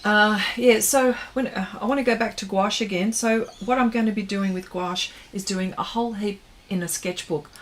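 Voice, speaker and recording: A woman's voice: mid-range voice, steady tone, normal speed, a little hiss or hum. A woman hosting an art livestream, chatting casually while she paints and reading viewers' comments aloud, often trailing off mid-sentence.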